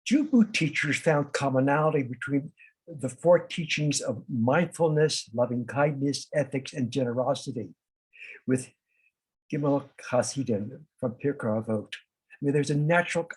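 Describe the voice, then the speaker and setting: A man's voice: medium pitch, moderate pace, slightly rough, rough recording. A man leading a discussion for a study group, speaking informally with many fillers and restarts, as if over a video call. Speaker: discussion leader.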